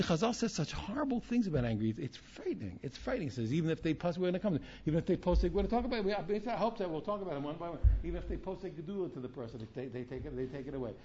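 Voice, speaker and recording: A man teaching an informal Torah class, animated and repetitive, often asking "you understand?". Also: a little high, husky, lo-fi sound.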